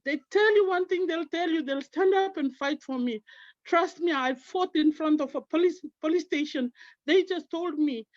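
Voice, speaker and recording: A woman's voice: extremely high pitch, normal speed, no room sound, muffled recording. A middle-aged woman from Guinea, speaking, gives an earnest, heartfelt personal testimony on an online call. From Papua New Guinea. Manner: heartfelt and earnest, fervently religious. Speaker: team member sharing her story.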